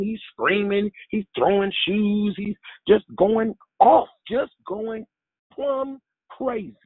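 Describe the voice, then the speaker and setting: A man preaching a sermon and telling a personal story, animated, with his pitch leaping up for emphasis, recorded on a phone. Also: gravelly, breathy edge, no room sound, phone-quality sound.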